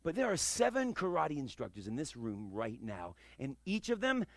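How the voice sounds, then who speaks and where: A man leading a kids' karate class, energetic and playful, breaking into loud kiai yells as he demonstrates moves in an indoor studio. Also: fairly high pitch, normal speed, no room sound. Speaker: karate instructor.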